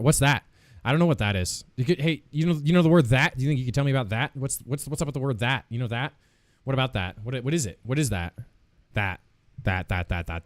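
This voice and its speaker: A man's voice: mid-range voice, no echo. A man streaming live, chatting casually with viewers in a playful, joking way, laughing often and swearing freely.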